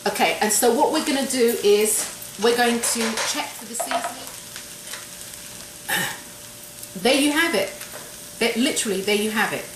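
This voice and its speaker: A cooking show host demonstrates a dish in her home kitchen, her somewhat high voice moving at a normal speed with frequent pauses. She's chatty, repeats phrases, and keeps talking while she tastes and eats, with the room echoing slightly over faint background noise.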